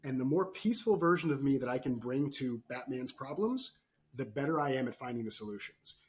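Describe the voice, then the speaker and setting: A man who works as a performance coach, a podcast guest who tells animated stories and keeps checking in with "right?". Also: mid-range voice, a little fast. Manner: animated storytelling, frequent "right?" tags. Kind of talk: podcast interview.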